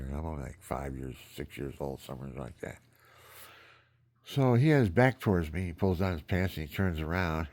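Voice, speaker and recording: A man's voice: extremely low pitch, darkish tone. A man in his seventies telling rambling, frank family stories in a meandering, chuckling way. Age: 70s. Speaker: vlogger. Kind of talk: rambling personal storytelling.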